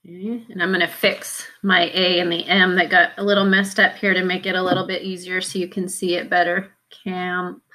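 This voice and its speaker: A woman teacher walks young students through a spelling lesson, sounding out every syllable and letter with slow patience. Her voice sits a little low, yet its tone is bright and clear. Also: flat delivery.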